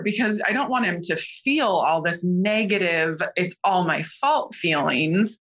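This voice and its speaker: Adult woman, a mother, unhurried and hesitant delivery, low pitch. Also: lively intonation, fairly bright tone. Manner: slow, thoughtful, a little unsure, laughs often. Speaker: guest, a mother. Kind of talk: casual conversation.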